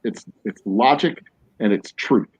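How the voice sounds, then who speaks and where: A man's voice: on the low side, a little slow, darkish tone, slightly rough. A man hosting a podcast in casual chat, rambling through jokey, mock-serious tangents. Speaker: podcast host. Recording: dull lo-fi, dry.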